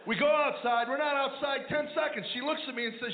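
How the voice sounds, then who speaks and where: A man's voice: very high-pitched, fairly quick. Man telling stand-up jokes, tinny echo. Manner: deadpan storytelling with mumbling character asides. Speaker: stand-up comedian. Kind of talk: stand-up comedy routine. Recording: echoey, tinny lo-fi radio replay of a live set.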